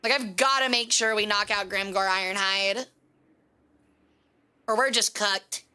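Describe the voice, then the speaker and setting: A woman's voice: mid-range voice, unhurried, sharp tone, clear, resonant tone. Chatty, cursing woman game streamer. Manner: chatty, profane, rambling. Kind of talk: casual gaming livestream commentary.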